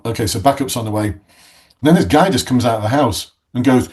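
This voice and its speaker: A man's voice: mid-range voice, fairly quick, a little mellow. A middle-aged man, a former police sergeant coaching recruits, telling a rambling anecdote in a casual, chatty way with tangents and restarts. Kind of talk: casual anecdotal teaching talk.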